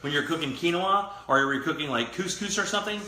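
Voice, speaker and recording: Male cooking-show host: bright, loose and chatty, recorded in an echoey kitchen. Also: fairly high pitch, expressive, fast talker. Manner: chatty, loose, joking asides. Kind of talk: casual cooking demonstration. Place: kitchen studio.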